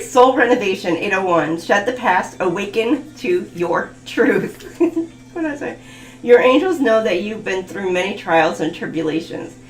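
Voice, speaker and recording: A woman giving a live tarot reading, laughing often and swearing bluntly. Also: mid-range voice. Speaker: tarot reader. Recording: echoey room with faint music.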